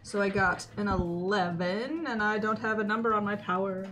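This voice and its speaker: A woman's voice: medium pitch, moderate pace, noisy background. A woman playing a tabletop role-playing game, chatty and a bit hesitant. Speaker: player.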